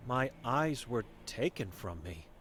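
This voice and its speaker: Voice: mid-range voice, big pitch swings, slow pace, a bit bright, a little hiss or hum. An actor voicing a blind, mute old woman who is bitter and grim and speaks in terse, broken sentences in a video game.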